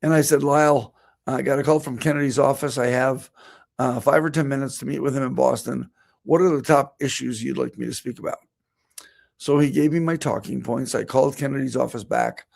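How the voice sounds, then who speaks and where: A man's voice: medium pitch, vocal fry, darkish tone. A middle-aged man, a veterinarian, telling a personal anecdote during a talk and quoting what he and others said. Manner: storytelling, quoting himself and others.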